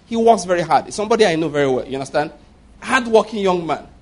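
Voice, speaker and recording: Emphatic husky preacher man. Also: high-pitched, expressive, quick pace. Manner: emphatic, repeats points and checks listeners follow. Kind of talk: sermon.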